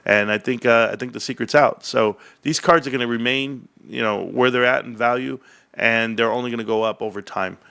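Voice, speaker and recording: Man, livestream host, casual chat, rambling, jokey, slightly gravelly, mid-pitched. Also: steady tone, a little fast, sharp tone.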